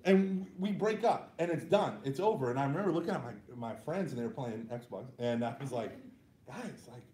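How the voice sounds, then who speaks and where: In a roomy-sounding space, a man with a medium-pitched voice speaks briskly as a youth minister telling a group funny, self-mocking stories. He's animated and self-deprecating and laughs at his own tales in this humorous personal storytelling talk.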